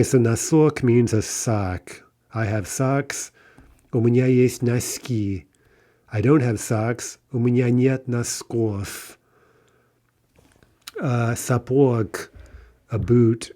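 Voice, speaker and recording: A man's voice: medium pitch, slow, dark tone. A man teaching a recorded language lesson, explaining endings step by step and often checking in with "right?" between examples.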